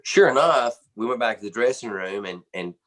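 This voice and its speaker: A man, a band's drummer, telling a backstage story in an animated, casual way, full of "man" and "you know.". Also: mid-range voice, normal speed. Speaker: band drummer interviewed.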